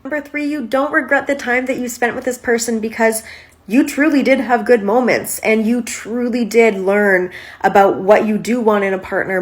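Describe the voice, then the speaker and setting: A young woman with a middle-pitched voice gently counts off lessons she learned. She sounds calm and encouraging, speaking to camera. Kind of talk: advice vlog listing lessons.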